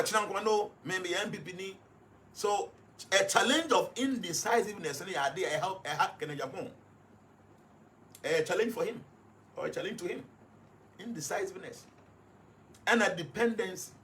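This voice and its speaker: A man's voice: high voice, fairly bright tone, slight background noise. A man with a Ghanaian accent speaking on live radio, explaining his points one at a time and mixing English with Twi. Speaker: radio guest reading numerology.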